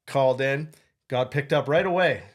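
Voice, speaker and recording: A young adult man spins an animated story in relaxed podcast chat. He acts out the other people's lines and laughs often. His voice sits at an ordinary pitch. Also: normal speed. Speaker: podcast co-host and morning radio host.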